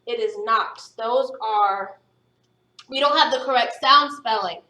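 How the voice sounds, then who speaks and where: Patient woman phonics teacher, unhurried and encouraging, heard from a distance. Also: a little high, sharp tone. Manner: patient, encouraging, sounds words out slowly. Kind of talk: phonics lesson to young students. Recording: echoey room, voice from a distance.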